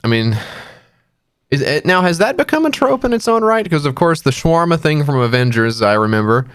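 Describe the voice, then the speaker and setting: A man's voice: fairly high pitch, big pitch swings, fairly quick, fairly bright tone, clean tone, dry recording, studio quality. A man co-hosting a casual movie review podcast, sarcastic and jokey, slipping into silly voices to mock lines. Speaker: podcast co-host.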